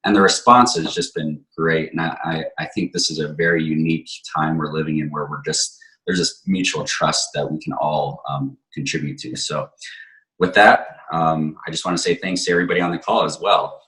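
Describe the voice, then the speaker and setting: A man with a very deep, low voice speaks on a video call. His speech is halting, broken up with fillers and restarts. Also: fairly even intonation, fairly bright tone, low-quality recording. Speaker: panelist. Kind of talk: video call panel discussion.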